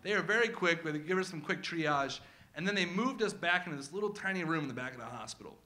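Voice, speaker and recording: Animated man telling a true story. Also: fairly high pitch, fast. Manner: animated, comic, acts out his kids' voices. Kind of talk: live first-person storytelling.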